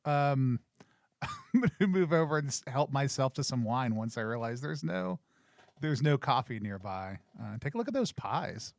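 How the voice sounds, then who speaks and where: A man's voice: medium pitch, sing-song, moderate pace, vocal fry, no echo, clean studio sound. A man playing a character in a tabletop game, talking playfully with frequent ums and uhs. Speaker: player.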